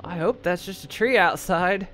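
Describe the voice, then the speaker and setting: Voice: mid-range voice, moderate pace, fairly bright tone. A gamer giving curious, muttering let's play commentary, with casual swearing while exploring. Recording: voice over game music.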